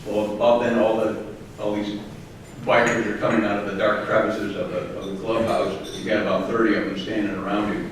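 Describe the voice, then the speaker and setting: A man telling a roast story to a live audience, with a halting delivery full of fillers and restarts. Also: lowish voice, flat delivery. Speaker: roast speaker. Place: large hall with live audience. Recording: distant echoey hall recording with noise.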